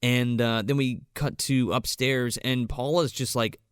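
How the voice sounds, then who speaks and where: A man's voice: mid-range voice, steady tone, unhurried, clean tone, no room sound, studio quality. A man co-hosting a casual podcast, recapping a movie in a profane, mocking way. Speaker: podcast co-host.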